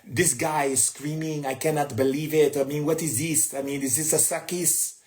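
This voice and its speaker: A man imitating a shocked, dramatic woman at a restaurant, using an exaggerated mock accent in a high, indignant voice. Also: steady tone, normal speed, faint music behind, natural voice. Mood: appalled.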